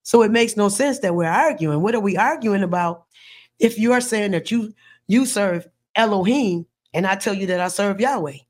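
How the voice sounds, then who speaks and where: A woman's voice: medium pitch, moderate pace. Emphatic woman preaching on a podcast. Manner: preachy, emphatic, repeats words. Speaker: podcast host. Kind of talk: faith discussion.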